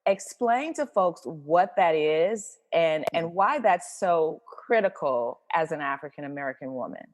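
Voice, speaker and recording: This podcast host is a woman whose low-pitched, expressive voice moves a little slowly, trailed by a long reverb tail. She keeps the casual interview chat effusive and full of enthusiasm.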